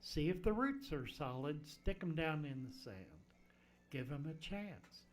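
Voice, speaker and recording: While fiddling with a desk microphone, a man hosts a laid-back fishkeeping livestream from his fish-tank room at home, answering viewers and thinking aloud. His fairly high voice has a sing-song quality and a measured pace.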